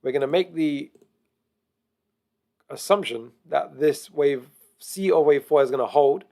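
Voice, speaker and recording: Gravelly-voiced man explaining charts. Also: on the high side, dark tone. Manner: deliberately slow, methodical explaining. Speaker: trading educator. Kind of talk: screen-share chart analysis.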